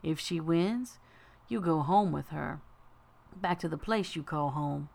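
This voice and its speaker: A woman voicing a well-spoken male trickster rabbit with a smooth, unhurried Southern accent in an audiobook. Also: low voice, darkish tone. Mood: silky, persuasive. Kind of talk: audiobook character voice.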